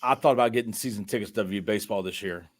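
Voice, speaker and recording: A man co-hosting a sports podcast, chatting in an easygoing, joking way with quick reactions. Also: on the low side. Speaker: podcast co-host. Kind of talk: casual chat.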